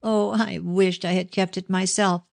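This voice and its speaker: A man's voice: high voice, little pitch movement, measured pace, gravelly, no echo, studio quality, voice pushed up. A man reading an audiobook, voicing an anxious, tearful young woman pleading with her father.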